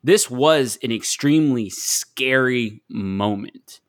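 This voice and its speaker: A man's voice: mid-range voice, slow. A man co-hosting a podcast in casual chat who laughs often, swears, and makes his case with rhetorical questions. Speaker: podcast co-host.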